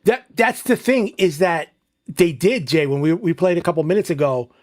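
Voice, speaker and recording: A man's voice: a little high, normal speed, dry recording, clean studio sound. Joking, profane man co-hosting a podcast. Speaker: podcast co-host. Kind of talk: casual chat.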